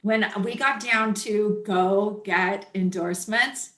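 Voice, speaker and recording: A woman hosting an interview podcast, chatty and quick to laugh. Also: medium pitch, steady tone, a bit bright, echoey room. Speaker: podcast host.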